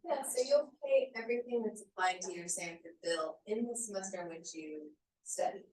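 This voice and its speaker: A woman's voice: mid-range voice, animated, moderate pace, darkish tone. A woman on the staff explaining fees and payment plans in a matter-of-fact way at an information session. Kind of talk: answering questions at an info session. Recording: echoey room, distant mic, faint hum.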